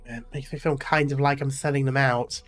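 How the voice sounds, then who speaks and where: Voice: medium pitch, fairly even intonation, brisk, soft background music, lightly acted. A streamer reading a cautious, hedging man. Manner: hedging, reluctant.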